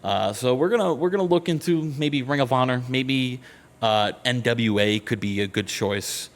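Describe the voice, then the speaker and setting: A man co-hosting a casual wrestling game commentary chat. He is excitable, laughs often, trails off mid-sentence and sounds out of breath. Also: medium pitch, normal speed. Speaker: co-host of a wrestling sim series.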